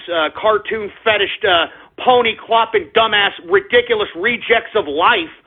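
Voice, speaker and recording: A man hosting a radio show, delivering a loud, crude, mocking rant that swells into sudden shouts. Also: high-pitched, slightly rough. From United States. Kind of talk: ranting talk radio monologue. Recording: phone-like narrow-band audio.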